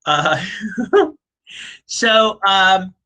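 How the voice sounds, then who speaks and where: A man's voice: high-pitched, big pitch swings, drawn-out words, pushed and bright, rough recording. A man teaching a history class in a casual, joking way, with many fillers and asides. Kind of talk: classroom lecture.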